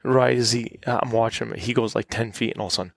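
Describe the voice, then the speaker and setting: Gravelly man telling hunting stories. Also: medium pitch, fast talker, heavy background noise. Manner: animated, acts out quotes. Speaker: guest hunter. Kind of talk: casual storytelling. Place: cabin.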